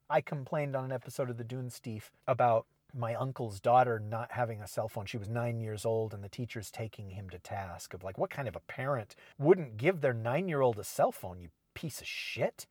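A man's voice: mid-range voice, a little mellow, no room sound. Rambling middle-aged man, dry sound. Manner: rambling, chatty, self-deprecating asides. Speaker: podcast host and fiction writer. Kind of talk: casual solo monologue. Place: parked car.

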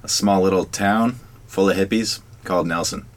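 Deep-voiced man, easygoing. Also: fairly even intonation, normal speed, slight background noise. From Canada. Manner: easygoing, playful. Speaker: podcast guest. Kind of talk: casual chat.

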